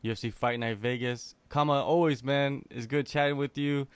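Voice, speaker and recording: A man's voice: medium pitch, fairly even intonation, moderate pace, smooth, no echo. A man hosting an interview, friendly and brief, wrapping up with good wishes. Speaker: interview host. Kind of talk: casual interview chat.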